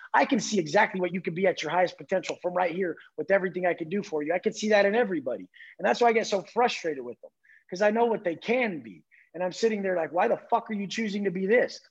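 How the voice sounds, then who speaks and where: A man's voice: high-pitched, breathy edge, dull audio. A man guest on a podcast giving an intense, blunt, profane motivational talk.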